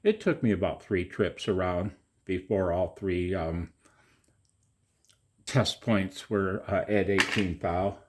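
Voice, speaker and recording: A man's voice: low-pitched, slow. A middle-aged man talking to his viewers in a rambling, casual monologue, chatty and profane, often poking fun at himself. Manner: chatty, profane, self-mocking. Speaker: video maker.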